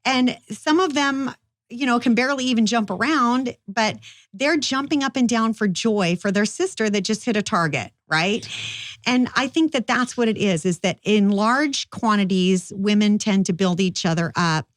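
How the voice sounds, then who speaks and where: A woman's voice: on the high side, normal speed, dry recording, studio quality. A woman firearms instructor, a podcast guest, chatting casually and telling stories with animation. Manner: animated storyteller, lively when excited. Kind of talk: casual interview chat.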